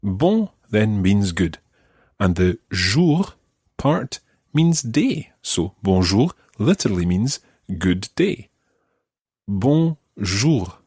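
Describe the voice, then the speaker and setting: A Scottish man teaching a podcast language lesson, patiently modelling each word slowly and carefully. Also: fairly low pitch, big pitch swings, darkish tone, husky, no echo, clean studio sound. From Scotland.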